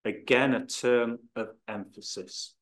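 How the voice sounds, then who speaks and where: A man explaining scripture in a measured teaching style, stressing key words as he goes. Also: medium pitch, steady tone. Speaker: Bible teacher.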